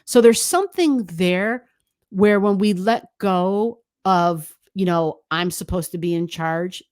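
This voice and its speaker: A woman's voice: fairly low pitch, slow pace, a little mellow, dry recording, studio quality. A woman astrologer giving a chatty, emphatic forecast, often adding "right?" as she goes.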